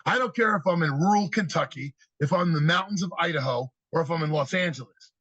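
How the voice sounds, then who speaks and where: A man with a fairly high, husky voice tells stories on a podcast, acting out the children he talks to. The sound is dry and a little dull, like a simple podcast setup. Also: fast talker, dry recording. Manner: animated storyteller, acts out kids' answers. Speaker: podcast guest, youth speaker. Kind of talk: storytelling interview talk.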